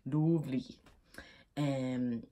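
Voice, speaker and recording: A woman's voice: rumbling low, steady tone, drawn-out words, mellow. A young Irish woman chatting casually in a vlog, giggly and rambling, laughing often. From Ireland. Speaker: YouTuber.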